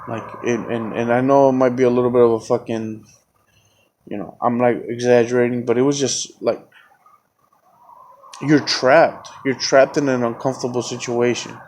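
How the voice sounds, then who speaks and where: A man's voice: medium pitch, little pitch movement, normal speed, a little mellow, slight background noise. A man hosting his own podcast, telling a story in a casual, rambling, heavily profane way. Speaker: podcast host.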